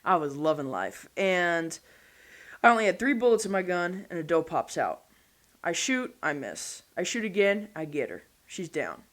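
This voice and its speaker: Lowish-voiced woman telling a story, casual and blunt, cusses a lot. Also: normal speed. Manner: blunt, swears freely, excited retelling. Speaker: podcast guest.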